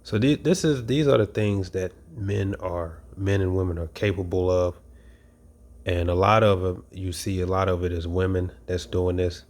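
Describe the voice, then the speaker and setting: Deep-voiced man preaching conversationally. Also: fairly even intonation, moderate pace, darkish tone. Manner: conversational, emphatic, repeats phrases, frequent "you know". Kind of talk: informal sermon.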